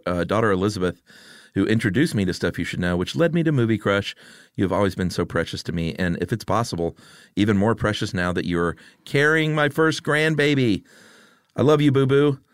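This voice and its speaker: A man's voice: on the low side, lively intonation, a little fast, smooth, no echo, studio quality. A man co-hosting a podcast, reading listener messages in a laid-back, amused casual chat. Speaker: podcast co-host.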